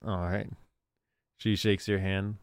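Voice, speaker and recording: Casting: casual game master, man, lowish voice, dry close sound. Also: slow, smooth, no echo. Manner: relaxed, casual narration with fillers. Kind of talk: narrating a tabletop game.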